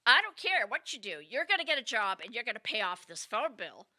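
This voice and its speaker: Stern old grandma scolding hard, woman doing it, bright high voice. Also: big pitch swings, a little fast, heavily acted. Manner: scolding, repeating herself.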